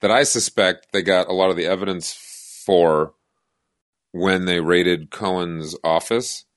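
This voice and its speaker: A man's voice: sits low, fairly even intonation, a little slow, no echo, studio quality. A man co-hosting a podcast, chatting loosely about political news and joking and laughing along. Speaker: podcast co-host. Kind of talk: casual political chat.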